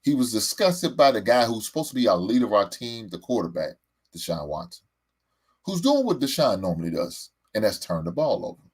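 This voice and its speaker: A man's voice: on the low side, sing-song, a little fast, husky. A man hosting a sports show, ranting heatedly about his team, stammering and repeating words as he goes. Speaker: sports podcast host. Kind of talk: animated sports fan rant.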